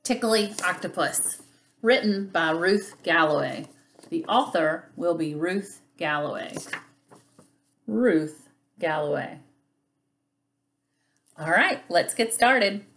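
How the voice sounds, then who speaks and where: A woman's voice: lowish voice, lively intonation, a bit bright, slight background noise. A woman teaching young children a reading lesson on video, giving patient, encouraging instructions and reading a picture book aloud. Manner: patient, encouraging, speaks slowly to young learners.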